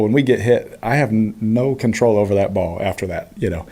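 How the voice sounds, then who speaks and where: Man, 30s, press conference athlete, relaxed, chuckling, lots of fillers, warm, low-pitched. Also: fairly quick. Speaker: quarterback at a postgame press conference. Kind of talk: postgame press conference answers.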